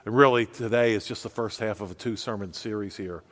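A man preaching a sermon with passion, swinging from loud outbursts to hushed asides. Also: on the low side, brisk. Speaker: pastor. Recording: long reverb of a church hall.

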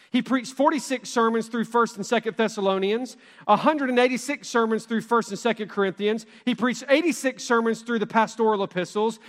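A man's voice: very high-pitched, a bit bright, long reverb tail. A man preaching a sermon from the pulpit, emphatic and full of rhetorical questions. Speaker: pastor. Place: church sanctuary.

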